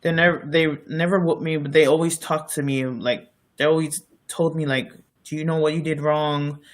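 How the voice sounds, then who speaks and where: A man's voice: a little high, steady tone, normal speed. A man co-hosting a podcast, telling stories in a rambling, casual way with many fillers and restarts. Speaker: podcast co-host. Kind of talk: casual storytelling chat.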